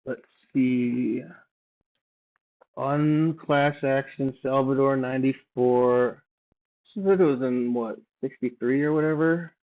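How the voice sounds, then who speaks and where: A man reading old documents aloud and adding offhand, halting remarks as he thinks aloud. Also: mid-range voice, fairly even intonation. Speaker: channel host. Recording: tinny phone-like sound.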